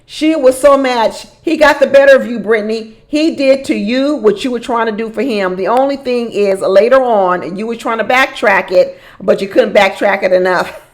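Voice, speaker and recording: Animated woman recapping a reality show. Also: on the high side, normal speed. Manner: animated, repeats phrases for emphasis, laughs often; talks straight to the people on the show. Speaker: reality show commentator and relationship coach. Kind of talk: casual recap commentary.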